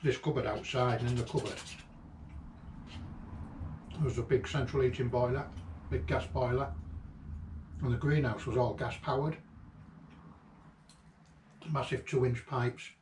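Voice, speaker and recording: A man reminiscing casually about a late friend, halting and reflective, with frequent ums and restarts. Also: mid-range voice, fairly even intonation. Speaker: vlogger remembering a late friend. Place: at the friend's old house and garden. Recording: roomy echo, distant mic, faint ambient noise.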